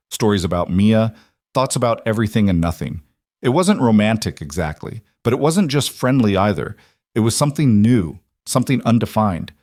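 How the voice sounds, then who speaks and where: A man reading a scripted story as narrator, in an even, measured way. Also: on the low side, no echo, studio quality.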